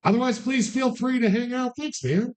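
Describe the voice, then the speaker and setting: With a very high-pitched yet darkish voice at a moderate pace, this man calls numbers at a live bar bingo event. He keeps up sarcastic, profane, loose banter with the crowd.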